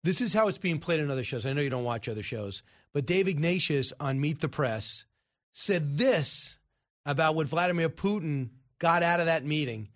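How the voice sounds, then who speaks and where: Brisk male talk show host. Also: on the high side, lively intonation. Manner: brisk, conversational, quick asides. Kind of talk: casual talk show banter.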